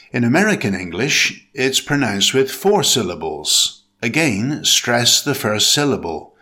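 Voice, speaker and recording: A man narrating a scripted pronunciation lesson in a slow, measured, deliberate way. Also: mid-range voice, pushed and bright. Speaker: English pronunciation teacher.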